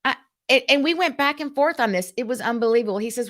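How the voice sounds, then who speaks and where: A woman's voice: a little high, fast. Exasperated woman host telling a story. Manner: exasperated, animated retelling. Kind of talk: casual storytelling on a live stream.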